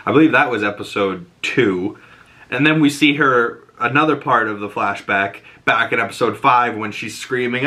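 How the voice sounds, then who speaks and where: Bright-voiced man recapping a TV episode. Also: medium pitch, moderate pace. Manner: animated, acts out character lines in voices, laughs often. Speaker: host.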